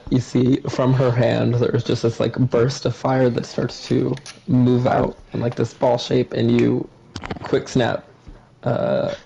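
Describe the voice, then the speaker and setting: A man's voice: mid-range voice, completely flat delivery, takes it slowly, gravelly, dark tone. A man narrating a tabletop game as game master, describing scenes in a rambling way with many fillers. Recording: muffled lo-fi with faint hiss.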